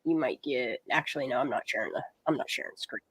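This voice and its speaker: A livestream host with a very deep, slightly rough, somewhat bright voice talks fast in loose, chatty conversation with her stream. She curses freely throughout the casual broadcast.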